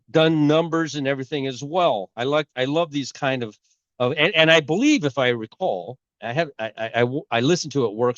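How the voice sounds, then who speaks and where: A man hosting a casual religious commentary video, rambling and halting, with a cold and a sore throat. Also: medium pitch, no room sound, highs cut off. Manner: rambling, halting, many restarts. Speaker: YouTube host.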